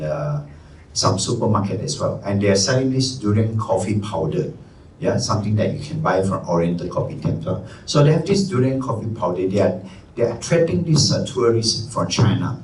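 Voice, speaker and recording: A man with a Malaysian English accent teaching a live workshop, energetic and conversational, stressing key words. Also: lowish voice. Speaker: trainer. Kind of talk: live presentation skills workshop. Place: training room. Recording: echoey room, distant mic, faint room noise.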